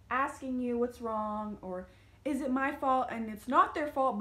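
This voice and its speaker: Chatty young woman ranting casually. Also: fairly high pitch. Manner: chatty, heavy use of "like", animated quoted asides. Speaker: vlogger. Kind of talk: casual to-camera rant.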